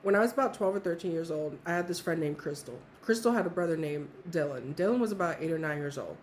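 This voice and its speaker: A woman's voice: low voice, lively intonation, quick pace, a little mellow, a little hiss or hum. A young woman casually telling a funny story from her childhood, swearing freely and laughing often.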